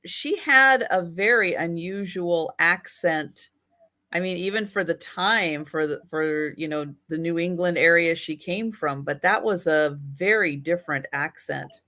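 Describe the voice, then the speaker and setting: Slow-talking woman co-host. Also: fairly low pitch, sharp tone. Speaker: live sale co-host. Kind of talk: casual live-stream chat.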